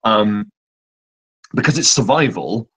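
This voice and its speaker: A man co-hosting a casual live-stream chat, talking in a rambling, halting way with many restarts. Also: on the low side, animated, fairly bright tone, breathy edge. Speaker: co-host. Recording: voice cutting out over an online call.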